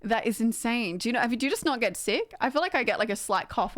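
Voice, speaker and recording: Her voice on the high side, expressive and quick, a young woman livestreams and casually talks with her chat. The conversation rambles, full of fillers and laughter.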